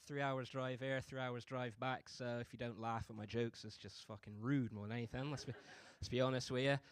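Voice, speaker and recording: In a clean studio recording with no echo, a young Bristol comedian speaks in a clear, resonant mid-range voice. His intonation is fairly even and a little fast, and his easygoing stand-up is peppered with "you know what I mean."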